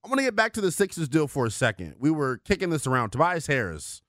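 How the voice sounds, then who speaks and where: Animated sports radio co-host, man. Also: fast, no echo, clean studio sound. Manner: animated, swings from loud to low, rhetorical questions. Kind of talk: sports talk radio banter.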